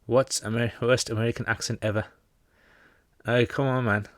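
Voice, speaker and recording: A British man who teaches Islam answers viewer questions casually on a livestream, chatting and joking with plenty of fillers. His voice is mid-range with a level tone at normal speed, recorded cleanly in a studio with no echo.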